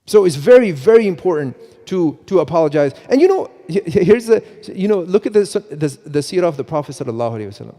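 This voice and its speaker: Middle-aged guy preaching in a mosque, mellow tone, big hall echo, keeps restarting and repeating himself. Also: fairly high pitch, quick pace, few pauses. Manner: animated, many restarts and repeats, quotes himself. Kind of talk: mosque talk on parenting. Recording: long hall reverb.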